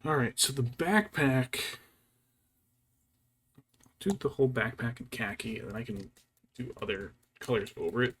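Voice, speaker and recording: A man's voice: medium pitch, unhurried, pauses often, husky. A man casually chatting and muttering to himself as he paints a miniature for his stream. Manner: relaxed, muttering to himself as he works. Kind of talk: casual chat while painting.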